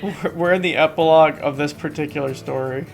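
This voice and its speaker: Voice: mid-range voice, brisk, creaky, soft background music. A game streamer chatting casually with a co-host and reading game dialogue aloud in a playful way. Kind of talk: casual chat while playing a game.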